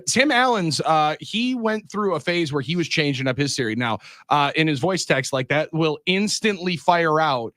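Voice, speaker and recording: Man, sports radio co-host, casual banter, fairly high voice, animated delivery, dry studio mic. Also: no room sound. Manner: animated, jokey. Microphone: studio microphone.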